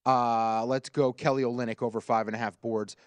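Man, mid-pitched voice, easygoing host going through betting picks, dry close mic. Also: flat delivery, brisk, smooth, no echo. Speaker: sports betting show host. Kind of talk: casual sports talk.

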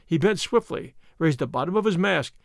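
Lively high-voiced male audiobook narrator. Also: moderate pace, gravelly, no echo, clean studio sound. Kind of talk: scripted narration.

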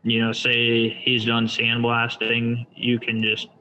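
A man walking someone through his shop's job software in a relaxed, step-by-step way with many fillers. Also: medium pitch, slow pace, highs cut off, a little hiss or hum. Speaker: shop owner demonstrating software. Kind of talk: casual screen-share demo.

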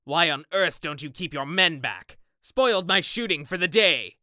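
A man voicing a hearty, brusque aristocratic gentleman hunter, raised and indignant, in an audiobook reading. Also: mid-range voice, expressive, moderate pace, clean tone, no room sound, clean studio sound. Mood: alarmed, angry. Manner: blustering, indignant.

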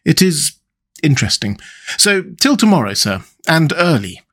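A man's voice: mid-range voice, expressive, normal speed, fairly bright tone, natural voice. A man voicing a mysterious, commanding sea captain who speaks with courteous, careless assurance in an audiobook. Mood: offhand. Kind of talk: audiobook character reading.

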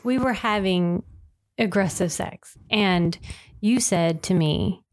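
A woman co-hosting a casual podcast, sparring playfully with her partner. She sounds teasing and exasperated and keeps breaking into laughter. Her voice sits at an ordinary middle pitch for a woman. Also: slow pace. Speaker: podcast co-host. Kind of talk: casual banter between partners.

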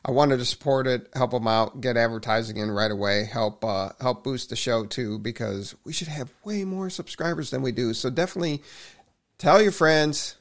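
A man's voice: medium pitch, normal speed. A man co-hosting a podcast in casual chat, telling a story with many false starts and repeats. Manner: storytelling with frequent restarts. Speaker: podcast co-host.

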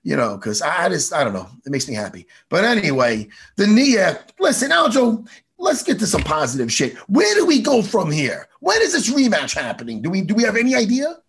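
High gravelly dude ranting and cussing, husky voice, all over the place. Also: male voice, brisk. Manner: animated, swears a lot, rambling. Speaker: podcast host. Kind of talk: casual profane chat.

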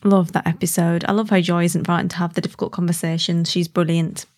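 A woman's voice: fairly low pitch, little pitch movement, quick pace, darkish tone. A woman hosting a podcast in casual chat, bubbly and gushing, laughing often. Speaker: podcast host.

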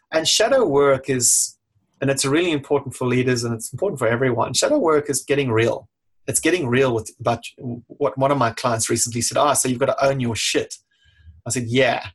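A middle-aged man talks in a plain, husky, slightly breathy voice at a middle pitch. He speaks frankly and casually, swearing without fuss. He slips into quick acted-out exchanges as he coaches. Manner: blunt and frank, swears freely, acts out quoted exchanges. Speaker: leadership coach. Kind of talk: casual talk to camera.

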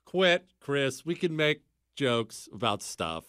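A man's voice: medium pitch, sing-song, takes it slowly, a bit bright, no echo, clean studio sound. Joking man in casual banter. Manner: joking, mock-serious.

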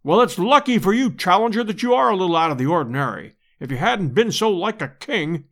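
Man voicing a hearty aristocratic hunter, brisk and slangy, lively swinging pitch.

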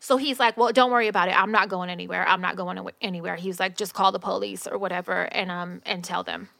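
A woman telling a story in casual chat, animated and slangy, swearing freely. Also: fairly low pitch, fairly quick, vocal fry, no room sound.

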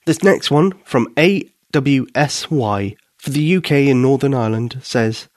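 A man's voice: mid-range voice, animated, measured pace, hardly any pauses, no echo, studio quality. A man narrating a children's bedtime story and hosting a podcast, in a soothing voice.

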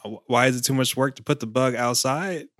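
A man's voice: medium pitch, brisk, fairly bright tone, no echo, clean studio sound. A man co-hosting a casual podcast, blunt and joking. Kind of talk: casual chat.

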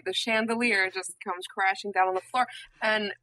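Bright, dry-sounding woman explaining. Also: mid-range voice, steady tone, moderate pace, dry recording, low-quality recording. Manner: emphatic, explaining with repeated words. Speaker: podcast co-host. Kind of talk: casual chat.

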